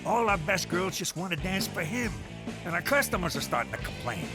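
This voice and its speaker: An actor voicing a dim, deadpan mob sidekick in an animated comedy. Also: male voice, high-pitched, music in the background. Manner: slow-witted, deadpan.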